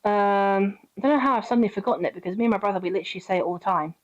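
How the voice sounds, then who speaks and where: A woman's voice: medium pitch, racing. A woman chatting casually while playing a game, giggling often and swearing freely. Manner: giggly, sweary, breaks into singing and silly voices. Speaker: gaming streamer. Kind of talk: casual gameplay chat. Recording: dull lo-fi sound.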